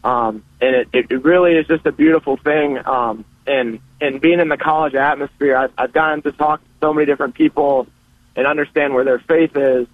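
A man's voice: on the high side, expressive, brisk, no echo. A young man in his early twenties calling in, talking earnestly about family and faith with many small restarts. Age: 20s. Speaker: caller. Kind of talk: casual call-in chat. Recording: tinny phone line.

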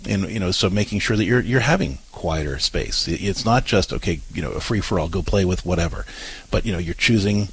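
Husky low-voiced man giving parenting advice. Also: brisk, poor audio. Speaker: parenting show co-host. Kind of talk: advice talk show.

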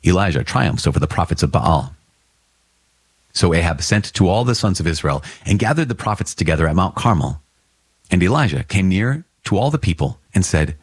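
A man narrating scripture in a steady, measured reading. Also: sits low, breathy edge, no echo.

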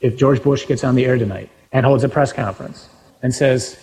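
A man delivers a sermon, moving between scripture reading and animated, wry commentary. His voice sits in an ordinary middle register. It carries a long reverb, as though he is speaking in a large hall. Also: medium pitch, fairly quick. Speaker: preacher.

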